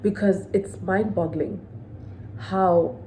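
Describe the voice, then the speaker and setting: An indignant woman in her thirties vents straight to the camera, hammering her points home and throwing questions at her viewers. Her voice is mellow and warm, sitting at a middling pitch for a woman. A faint hiss runs under the recording. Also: steady tone, slow pace, low-quality recording. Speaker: vlogger. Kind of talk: venting storytime to camera.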